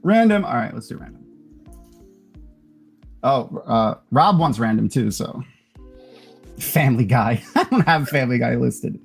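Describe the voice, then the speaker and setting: A man's voice: medium pitch, lively intonation, measured pace, gravelly, pauses often, slightly rough, soft background music. A man hosting a casual charity livestream, chatty and often laughing. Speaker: livestream host.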